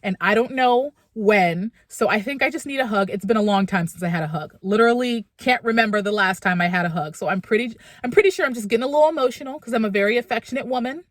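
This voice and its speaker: A woman's voice: fairly high pitch, fast talker, few pauses, dry recording, studio quality. A woman vlogging from her car and then a supermarket, candidly venting and getting emotional. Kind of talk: casual personal vlog.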